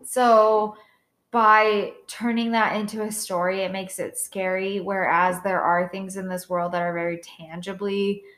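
Young woman co-host; chatty, animated, loose and profane. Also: mid-range voice, a little slow. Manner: chatty, animated, swears, lots of "like". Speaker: podcast co-host. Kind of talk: casual chat.

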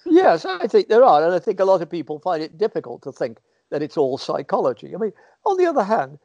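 A man speaking in a slightly high voice gives long, meandering interview answers and slips into little acted-out quotes of what people might say. The audio is dull and lo-fi, very dry, like a remote call. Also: huge pitch swings, fast, darkish tone, dry recording. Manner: thoughtful, rambling, acts out quoted speech.

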